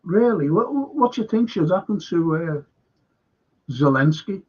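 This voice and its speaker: A man's voice: high-pitched, sing-song, a little slow, darkish tone, husky. A man hosting a live stream, rambling emphatically, repeating himself and firing questions at his viewers. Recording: dull lo-fi stream audio.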